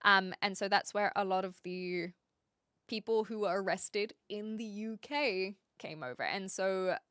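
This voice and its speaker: A woman's voice: mid-range voice, measured pace, a bit bright, smooth, no room sound, studio quality. A woman with an Australian accent, chatting casually with her live stream viewers, often restarting her sentences as she answers the chat.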